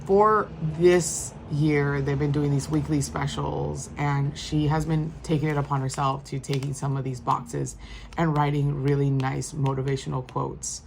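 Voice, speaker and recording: A woman with a very deep, gravelly voice talks casually through her journal pages. She rambles softly and starts over often. Her pitch stays flat and low. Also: unhurried. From New York State. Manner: rambling, soft-spoken, with many fillers and restarts. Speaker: vlogger showing her journal. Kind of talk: casual walk-through chat.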